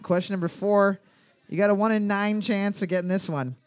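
A man's voice: high voice, steady tone, a little fast, smooth. A man hosting a trivia night, reading each question twice and cracking teasing jokes. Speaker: trivia quiz host. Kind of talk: joking bar trivia hosting.

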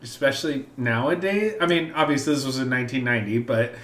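A man co-hosting a casual movie review podcast, relaxed and wry, laughing often. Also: medium pitch, fast, reverberant. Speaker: podcast co-host.

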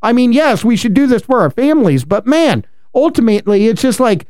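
A man's voice: very high voice, very animated, a little fast, darkish tone, no echo, studio quality. A man co-hosting a casual faith discussion, talking earnestly and animatedly and laughing often. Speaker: podcast co-host.

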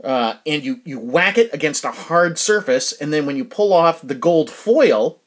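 A middle-aged podcast host talks casually on his own, wandering from thought to thought. His voice sits a bit high for a man, and he fills pauses with "uh" and "like" as he restarts his sentences. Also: expressive. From New Hampshire. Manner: rambling, chatty, self-interrupting with fillers. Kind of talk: casual solo podcast chat.

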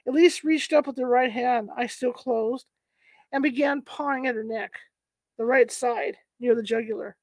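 A woman reading a novel aloud to listeners in a steady, even storytelling voice. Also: a little high, moderate pace, dry recording. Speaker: reader. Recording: dry close recording.

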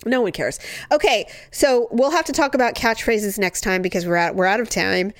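A woman hosts a podcast, reading listener stories in a talkative, animated, casual way and peppering her speech with "you know" and "like." Her mid-range voice moves at normal speed, with no echo in the recording.

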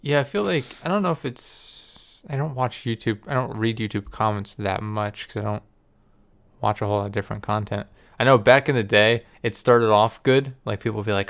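A man's voice: fairly low pitch, brisk, gravelly. A young man co-hosting a podcast, telling rambling, profane, self-deprecating stories in casual chat. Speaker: podcast co-host and video editor.

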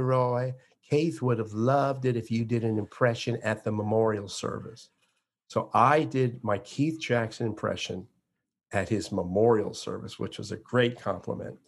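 Male guest, 60s, from Florida, animated storyteller. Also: medium pitch, vocal fry, breathy edge. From Florida, USA. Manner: animated storyteller with frequent restarts. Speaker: guest, entertainer. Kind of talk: interview conversation.

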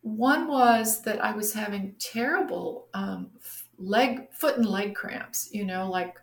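Middle-aged woman, guest storyteller, animated delivery, echoey room, mid-pitched voice. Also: takes it slowly, creaky. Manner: animated, acts out quoted voices. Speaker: guest sharing her story. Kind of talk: casual personal storytelling. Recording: roomy echo.

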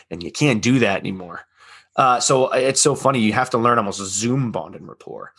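A man's voice: mid-range voice, fairly quick, fairly bright tone. A man working in sales, a podcast guest, chatting casually and telling anecdotes with a laugh.

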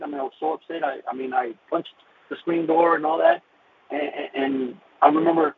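Gravelly man on a tinny phone line. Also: on the high side, huge pitch swings, background noise. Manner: halting, with many restarts and repeated words. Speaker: caller sharing a personal testimony. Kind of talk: emotional personal testimony.

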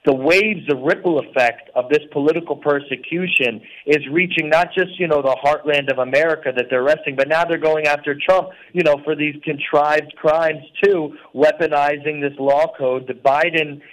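A man's voice: a little high, steady tone, normal speed, hardly any pauses, rough recording. A man calling in from prison as a guest on a talk radio show, speaking earnestly and rambling with many fillers.

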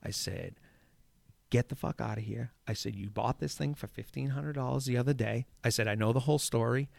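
A man telling a story in casual conversation. He swears often and acts out the lines he shouted. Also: mid-range voice, a little fast, vocal fry, no room sound. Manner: profane, animated, acts out shouted quotes. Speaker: golf course superintendent.

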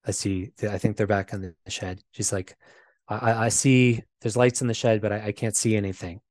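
Male interview guest, lowish voice, halting personal storytelling with lots of fillers, dry close sound. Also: fairly even intonation, a little mellow, dry recording. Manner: halting, repeats himself, many fillers.

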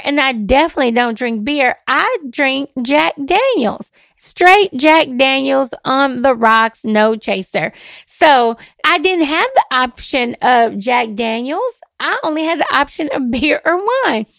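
A woman hosting her own travel podcast, talking in a chatty, animated way and chuckling often. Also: sits high, unhurried, vocal fry, no echo. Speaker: podcast host. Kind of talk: casual solo podcast talk.

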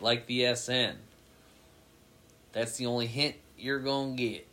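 A man's voice: medium pitch, steady tone, measured pace, pushed and bright. A young man co-hosting a sports podcast, teasing the others in casual banter. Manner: teasing, drops playful hints. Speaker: podcast co-host.

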